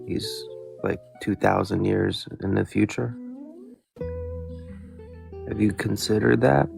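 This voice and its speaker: A man's voice: fairly low pitch, fairly even intonation, slow pace, gravelly, music in the background. A man on a live stream asking probing questions about scripture in a casual debate.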